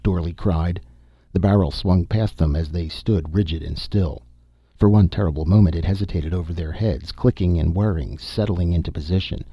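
Deep, husky man narrating a story. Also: normal speed, no room sound, muffled recording. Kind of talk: scripted audiobook narration.

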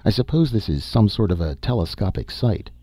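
A man reading an audiobook, voicing an eager, nearsighted male archaeologist with an excited, curious delivery. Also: lowish voice, a little fast, no room sound.

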